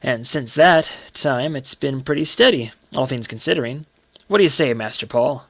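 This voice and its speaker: A man playing a deferential, secretive groom who speaks respectfully in a hushed, confiding manner. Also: medium pitch, moderate pace, dry recording.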